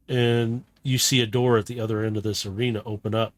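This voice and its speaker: A man narrating a tabletop role-playing game as game master, in slow, halting description with many fillers. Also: on the low side, flat delivery, no room sound.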